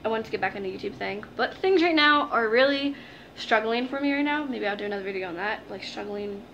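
A woman's voice: a little high, animated, fast talker, fairly bright tone, muffled recording, a little hiss or hum. A young woman chatting to her viewers in a casual unboxing vlog, gushing and giggling, calling them "guys". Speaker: vlogger.

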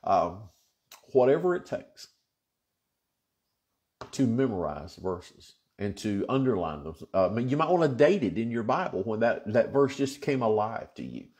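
A man's voice: on the low side, animated, normal speed, darkish tone. A man pastor, leading a casual, earnest Bible study chat with folksy asides. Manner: folksy, chatty and earnest, with frequent fillers.

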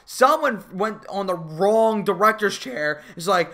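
A man's voice: high voice, lively intonation, moderate pace, hardly any pauses, sharp tone. A young man reviewing a movie in a casual, profane, exasperated rant.

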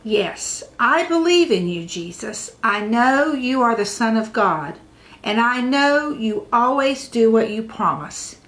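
A woman's voice: fairly high pitch, lively intonation, slow pace, fairly bright tone, roomy sound. A woman reading the part of a grieving yet faithful woman in a children's story, speaking earnestly and from the heart.

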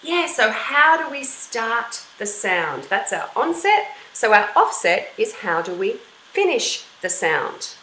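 A woman's voice: fairly high pitch, sing-song, slow, few pauses, reverberant, a little hiss or hum, poor audio. A woman from Australia teaching an online voice class for kids in an encouraging, storytelling manner. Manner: bright, encouraging teacher voice, storytelling with sung-out examples.

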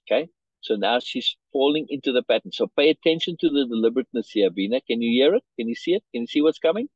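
A man's voice: mid-range voice, expressive, fast, slightly rough, no room sound, dull audio. A man reading a story aloud and explaining it to a learner, checking in often and restarting his phrases. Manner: restarts and repeats words. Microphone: video call.

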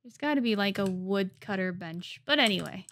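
A woman's voice: mid-range voice, lively intonation, moderate pace, fairly bright tone, a little hiss or hum. A woman hosting a let's play, chatting playfully through her gameplay and laughing often. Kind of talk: casual gameplay commentary.

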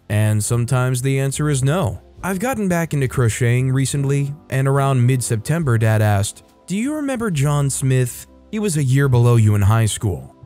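Male storytime host, warm low-key tone, reads posts and chats about them casually over faint music. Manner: reads posts aloud, then adds relaxed personal asides. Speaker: host reading online stories aloud. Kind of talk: storytime narration with casual commentary.

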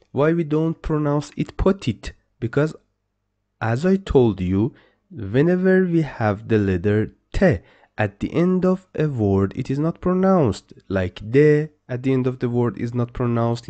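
A male language teacher who takes his time, speaking slowly and leaving long gaps between phrases. He gives each word more than once in a patient, explaining way. His voice is dark and mellow. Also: medium pitch, muffled recording. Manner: slow, repeats words, patient explaining. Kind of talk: pronunciation lesson.

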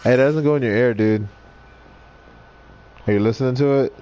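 A man's voice: mid-range voice, a little fast, warm tone. A man giving playful let's play commentary, joking and talking to his pets while he games. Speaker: game streamer.

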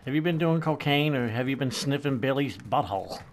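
A gamer streamer offers crude, mock-friendly commentary, taunting other players and exclaiming whenever something surprises him. His medium-pitched voice is animated and a little fast, over gameplay audio with gunfire and explosions in the background.

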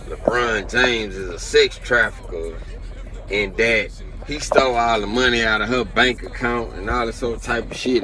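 A man's voice: mid-range voice, sharp tone. A man vlogger giving an angry, profane commentary rant, tagging his sentences with "man" and "you know what I'm saying".

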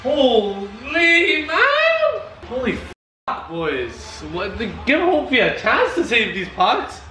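A man reacting live to a hockey game, shouting, cheering and swearing. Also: sits high, very animated, unhurried, roomy sound, faint music behind.

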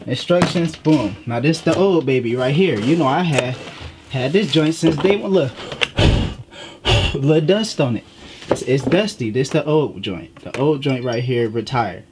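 A man's voice: medium pitch, lively intonation, unhurried, music in the background. A man hosting a casual gaming vlog from his home office, slangy and a little out of breath, talking straight to his viewers. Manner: slangy, talks straight to viewers with lots of asides. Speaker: gaming YouTuber host.

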